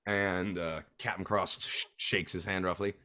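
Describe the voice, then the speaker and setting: A man's voice: low-pitched, fairly even intonation, a little slow, pushed and bright. A man narrating a tabletop game as game master, with a hesitant delivery full of fillers.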